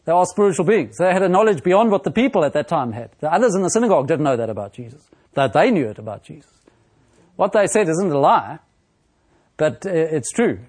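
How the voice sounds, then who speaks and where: Male preacher, slightly high voice, deliberate expository sermon delivery, pauses often. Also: big pitch swings, darkish tone, husky. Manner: slow and deliberate, with frequent pauses and fillers.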